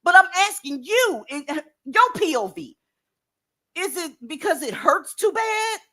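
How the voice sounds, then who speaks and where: A woman's voice: very high-pitched, very animated, unhurried, pushed and bright. A woman hosting a casual commentary show, blunt and profane, lecturing viewers directly. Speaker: commentary host.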